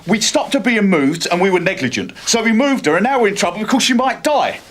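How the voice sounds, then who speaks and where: An actor playing a bitter, defensive young police constable in a TV police drama, clipped and resentful, with an English accent. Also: male voice, medium pitch, lively intonation, fast, breathy edge. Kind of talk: 1990s TV police drama acting.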